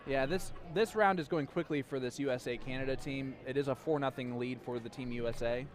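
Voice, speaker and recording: A man commentating live darts, playful and teasing, with quick, chatty banter. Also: medium pitch. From USA.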